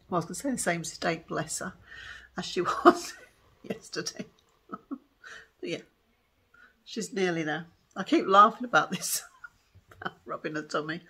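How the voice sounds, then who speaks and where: A tired woman, chatting excitedly to camera in a home vlog and giggling often. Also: mid-range voice, breathy edge. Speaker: vlogger. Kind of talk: casual chat to camera.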